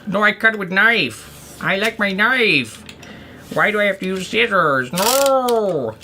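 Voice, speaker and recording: A man putting on a whiny cartoon plumber with a put-on Italian accent, stubborn and childlike in his complaints. The voice sits a little high and comes across bright and sharp. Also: sing-song, slow, a little hiss or hum, full character voice. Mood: indignant.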